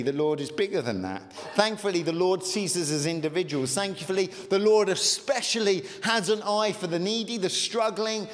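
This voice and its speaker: Emphatic preacher in a reverberant hall. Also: male voice, a little high. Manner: emphatic, rising and falling between raised intensity and quiet reflection. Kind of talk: sermon.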